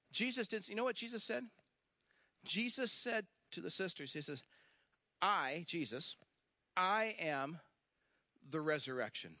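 A male pastor with a high-pitched, expressive voice and a sharp tone preaches a sermon, recorded with no room sound. He tells a story emphatically, repeating phrases, slowing down for stress, and acting out the lines he quotes.

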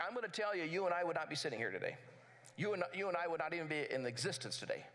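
Male pastor, sermon, high bright voice, lively storyteller. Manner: animated storytelling, conversational.

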